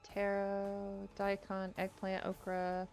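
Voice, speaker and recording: A young woman streaming as she plays, chatting casually and getting easily excited as she muses aloud. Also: mid-range voice, slow, vocal fry. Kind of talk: casual stream chat while playing. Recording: dull lo-fi audio with faint music.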